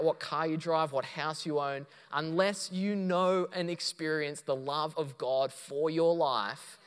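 A man's voice: a little high, fairly bright tone. A man preaching a sermon, telling a story and quoting others before building to emphatic points. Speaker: pastor. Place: church auditorium. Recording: long reverb of a church hall.

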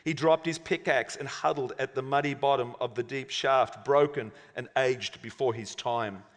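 A man's voice: mid-range voice, normal speed, hardly any pauses. A male preacher giving a conversational sermon and reading a story aloud. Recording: long hall reverb.

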